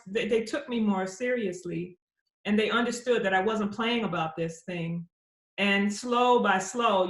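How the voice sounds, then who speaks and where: A middle-aged woman poet answering audience questions at a virtual book launch, telling stories and acting out the voices of people she quotes. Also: medium pitch. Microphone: computer mic on a video call. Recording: roomy echo on a video call.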